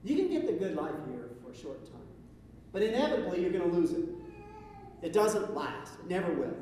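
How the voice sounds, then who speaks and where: A preacher gives a relaxed, conversational sermon, posing rhetorical questions and restarting his thoughts mid-sentence. His voice comes from a distance in a large reverberant church, with a long echo trailing each phrase and faint room ambience underneath. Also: medium pitch, a little fast, a little hiss or hum. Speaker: pastor. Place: church sanctuary. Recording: echoey hall recording from far off.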